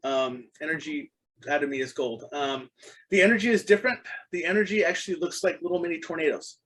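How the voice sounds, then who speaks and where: A middle-aged man talking as a podcast guest, with a voice a bit higher than most men's. He tells his stories earnestly, circling back with ums and restarts. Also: a little fast, a bit bright, rough recording. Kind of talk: casual interview chat.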